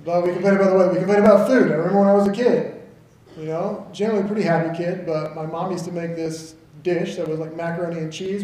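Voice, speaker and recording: High-voiced pastor in an echoey hall. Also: male voice, fairly even intonation, fast talker, warm tone. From American South. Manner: conversational, asks the congregation "right?" often. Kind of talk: sermon.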